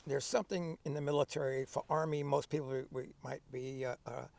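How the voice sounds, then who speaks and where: An older man in his seventies with a gravelly edge to his voice and a relaxed storytelling style. He tells his stories in a lively way, acting out the lines of the people in them. He sits a little away from the mic. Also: medium pitch, fairly quick, no room sound, recorded from a distance. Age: 70s. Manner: lively, acts out remembered dialogue. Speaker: interview guest, veteran. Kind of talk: conversational storytelling.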